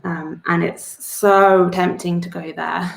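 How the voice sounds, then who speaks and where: A young woman chats her way through a drawing tutorial, rambling and self-deprecating as she works. Her voice sits low and has a gravelly, creaky edge. The room around her sounds echoey. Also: flat delivery, slow pace. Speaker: art club host.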